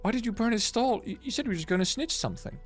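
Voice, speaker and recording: A man's voice: extremely high pitch, animated, racing, soft background music, voice pushed up. A man voicing a timid young child who stammers nervously.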